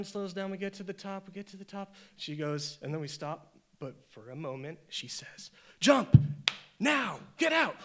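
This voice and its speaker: Animated man telling a stand-up story. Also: on the high side. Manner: animated, acts out voices in the story. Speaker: stand-up comedian. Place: comedy show stage.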